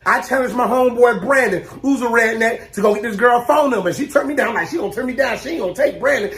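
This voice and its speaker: A man delivering a comedic monologue with loud bursts and drawling slang. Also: sits high. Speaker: comedy creator.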